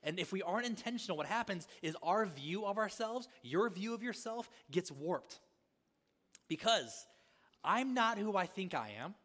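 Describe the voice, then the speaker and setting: With a long reverb tail behind him, a male pastor delivers a sermon in a high voice with lively intonation and a moderate pace. He keeps repeating rhetorical questions, moving from loud emphasis to hushed asides.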